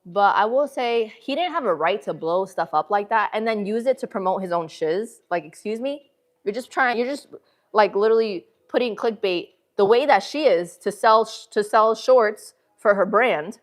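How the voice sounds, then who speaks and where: A woman's voice: medium pitch, expressive, normal speed. Chatty woman streaming from the gym. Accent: northern US city. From northern United States. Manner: chatty, slangy, talks straight to viewers. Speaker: livestream host. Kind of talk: casual livestream chat. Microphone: phone camera.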